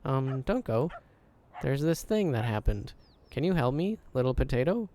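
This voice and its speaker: A man's voice: mid-range voice, very animated, normal speed, dark tone, slight background noise, lightly acted. A man voicing a bubbly, eager talking dog. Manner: bubbly, pleading, rambling. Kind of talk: reading game dialogue aloud.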